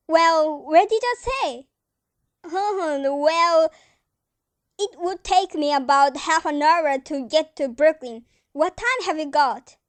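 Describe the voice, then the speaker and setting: Brief: young woman as an excitable young newsman nephew, very high voice, unhurried lines, dry sound. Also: no echo, exaggerated voice. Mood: phone chat. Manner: excitable, talks in urgent bursts. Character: flustered young male nephew, a newspaperman. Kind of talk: amateur stage acting.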